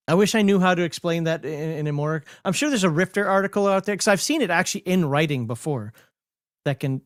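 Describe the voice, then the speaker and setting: A man with a Minnesotan accent talks through game rules on a casual livestream. His voice sits a bit high and sounds dry and close. He rambles, corrects himself mid-thought and laughs often. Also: no echo. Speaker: host explaining game rules.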